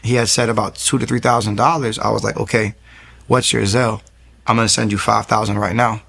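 A man's voice: fairly low pitch, flat delivery, fairly quick, gravelly, fairly bright tone, breathy edge. A young man giving an earnest testimony in an interview, telling his story and acting out what people said to him. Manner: earnest, storytelling, acts out quoted dialogue. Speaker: interview guest.

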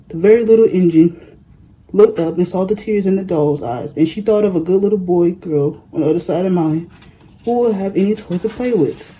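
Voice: mid-range voice, brisk, dark tone, slightly rough, rough recording. A reader narrating a children's picture book aloud in a plain storybook manner.

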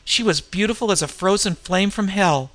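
A man's voice: sits high, moderate pace, fairly bright tone, voice pushed up. A man reading aloud, voicing a dazed, half-frozen barbarian warrior who speaks grimly. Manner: grim and dazed. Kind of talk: audiobook reading.

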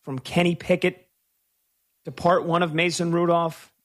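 A man hosting a call-in sports talk radio show, giving strong opinions with drawn-out emphasis on key words. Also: on the high side, little pitch movement.

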